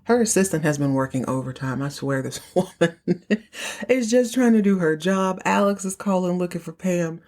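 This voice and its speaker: A woman podcast host giving a chatty, animated recap of a TV episode and acting out the characters' lines. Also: fairly low pitch, normal speed.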